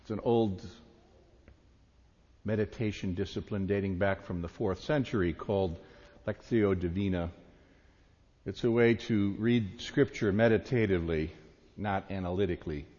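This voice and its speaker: Low-voiced man preaching slowly in a hall. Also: dark tone. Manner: slow, meditative reading. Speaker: pastor. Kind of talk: sermon. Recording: echoey hall, dull sound.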